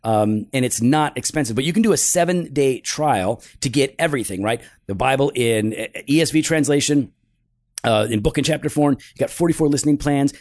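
A man's voice: fairly high pitch, a little mellow, no room sound. A man co-hosting a podcast, ribbing his partner in casual chat, then turning earnest to talk about faith. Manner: teasing, breaks into preaching tone. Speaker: podcast co-host. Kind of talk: casual chat and sponsor read.

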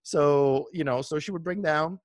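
A middle-aged man casually telling stories from his past in a rambling, animated way, with many restarts. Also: a little high, normal speed, no room sound, studio quality. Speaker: vlogger. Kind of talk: casual nostalgic storytelling.

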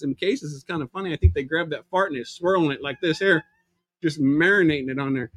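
A man, a podcast guest telling a comic story in an animated way, acting out voices and laughing as he goes. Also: a little high, quick pace.

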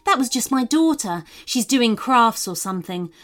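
A woman's voice: on the high side, expressive, moderate pace, a bit bright. A woman voicing a busy, distracted mother in a children's story, fussing and flustered.

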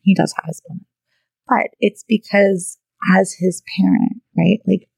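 A woman in her thirties talks in a loose, conversational way, checking in with "right?" and "you know" as she goes. Her mid-range voice carries a heavy gravelly fry, and the recording is dry and close. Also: medium pitch, fairly even intonation, measured pace, darkish tone, no echo, poor audio. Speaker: podcast host and therapist. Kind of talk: casual monologue.

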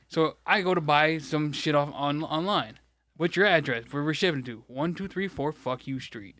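A man's voice: on the high side, moderate pace, bright, forceful tone, no room sound. A man from Michigan, co-hosting a podcast, rambling through an exasperated, profane story in casual chat. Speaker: podcast co-host.

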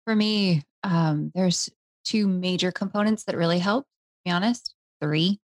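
A woman's voice: lowish voice, unhurried, dry recording, clean studio sound. A woman hosting a podcast, speaking in a reflective, earnest conversational way. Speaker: podcast host. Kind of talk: conversational interview.

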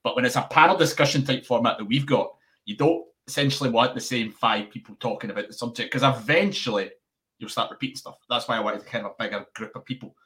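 Young man, bright tone, guest in a relaxed interview chat, rambles animatedly. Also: medium pitch, quick pace. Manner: rambling, restarts often, animated. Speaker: podcast founder.

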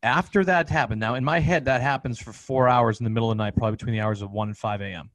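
A man, a podcast guest, telling a personal story in a rapid, profane, vivid way. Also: mid-range voice, dry recording, low-quality recording. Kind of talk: candid storytelling in an interview.

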